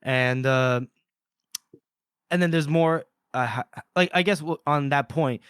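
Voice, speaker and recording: A man's voice: fairly high pitch, unhurried, fairly bright tone, clear, resonant tone, dry recording, studio quality. A man co-hosting a casual book podcast, laughing often and acting out quotes from the book in put-on voices. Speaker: podcast co-host.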